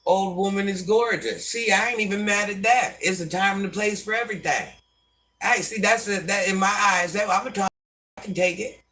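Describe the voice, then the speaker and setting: A woman around sixty with a deep voice, a live-stream host giving life advice to viewers in a folksy way, calling them baby and hun and calling herself Granny. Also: brisk, sharp tone, recorded from a distance.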